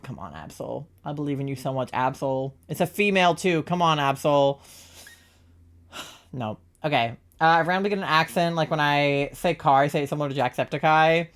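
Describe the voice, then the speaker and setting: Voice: mid-range voice, a bit bright. A young adult streamer from Virginia chatting casually during a live gaming stream, rambling, swearing freely and laughing often.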